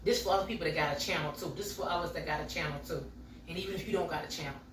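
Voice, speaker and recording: A woman's voice: sits low, racing, noisy background. A middle-aged woman, chatting to her viewers as she bakes in her home kitchen. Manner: chatty, talks straight to viewers as y'all. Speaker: home baking vlogger. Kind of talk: casual chatty vlog while baking. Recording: echoey kitchen, mic from far off.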